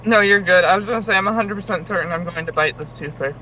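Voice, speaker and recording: Bright-voiced man on a call from his car. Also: high-pitched, quick pace. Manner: talkative, joking, laughs often, swears casually. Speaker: friend on a call. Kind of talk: casual chat while driving. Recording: muffled call audio with road noise.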